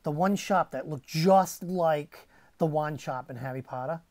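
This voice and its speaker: A woman's voice: low-pitched, measured pace, a little mellow, no room sound, studio quality. A woman hosting a casual live stream, rambling and teasing, often laughing between words. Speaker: livestream host.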